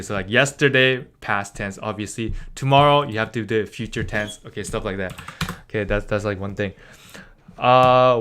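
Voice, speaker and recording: A man's voice: mid-range voice, bright, forceful tone, smooth. Young man, casual live-stream lesson, chatty, filler-heavy, rambling. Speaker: language teacher streaming a lesson.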